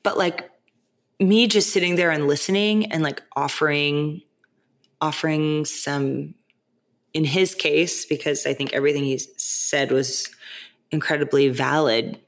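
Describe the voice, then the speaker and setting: A woman hosting a podcast, talking in a casual, animated way, full of "like" and "right?". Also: deep voice, unhurried. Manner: animated, chatty, lots of "like" and "right?". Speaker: podcast host. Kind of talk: casual spiritual monologue.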